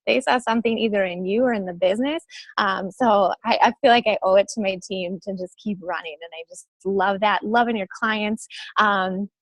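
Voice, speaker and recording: A woman's voice: mid-range voice, normal speed, no room sound, poor audio. A young woman on a video call giving an emotional, gushing motivational sales talk, with frequent ums. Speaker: guest speaker on a team call.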